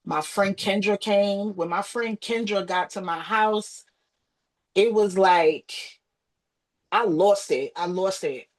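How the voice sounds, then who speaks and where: A woman's voice: mid-range voice, slow pace. A woman, a podcast guest, telling an emotional personal story, acting out the voices of family members and repeating herself. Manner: animated retelling with acted quotes and repetition.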